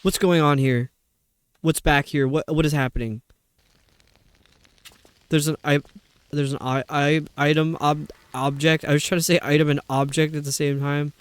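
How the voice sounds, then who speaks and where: A man's voice: on the high side, level tone, normal speed, long pauses, smooth, dry recording. A young man giving live commentary while playing a video game, rambling, stumbling over his words and laughing often. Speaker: streamer.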